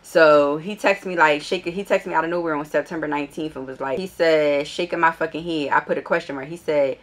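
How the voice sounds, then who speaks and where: A woman's voice: a little fast, hardly any pauses. A young woman telling a casual storytime vlog, blunt and profane as she reads out old messages. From Philadelphia. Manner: blunt and profane, gets animated and higher when annoyed. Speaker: vlogger.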